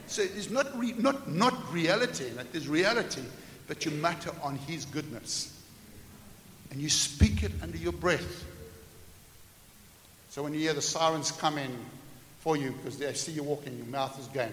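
Animated preacher man in an echoey hall. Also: a little high, normal speed, pauses often. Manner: animated, acts out everyday scenes, jokes with the congregation. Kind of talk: sermon. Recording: echoey hall with faint hiss.

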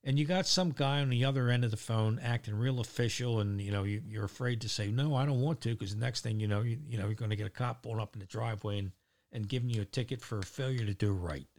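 A man's voice: lowish voice, fairly even intonation, quick pace. A middle-aged man telling a casual, rambling story about his day, full of fillers and casual swearing. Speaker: vlogger.

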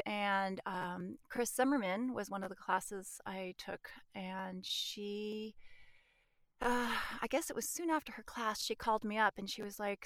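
A middle-aged American woman, a voice actress, tells her story in an interview, animated and laughing often between restarts. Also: mid-range voice, vocal fry, no echo. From United States. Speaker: voice actress guest.

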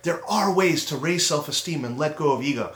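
A middle-aged man hosting a motivational self-esteem talk. He speaks earnestly, slows down to stress his points, and acts out his own inner critic. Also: fairly high pitch, expressive, a bit bright. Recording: roomy echo.

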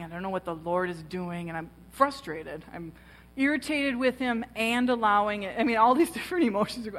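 A woman's voice: mid-range voice, a bit bright. A woman preaching a personal testimony to a women's gathering, telling her story and acting out the voices of others. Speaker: speaker at a women's church gathering. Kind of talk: sermon testimony. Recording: long reverb of a large hall.

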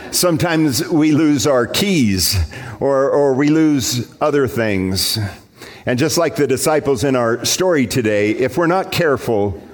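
Slow, earnest male pastor preaching. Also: medium pitch. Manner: storytelling, earnest. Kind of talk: sermon. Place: church.

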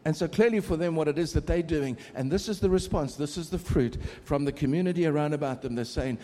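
A man's voice: a little high, quick pace, hardly any pauses, mellow. A middle-aged man preaching a sermon in a conversational way, joking with the congregation. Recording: long reverb of a large hall.

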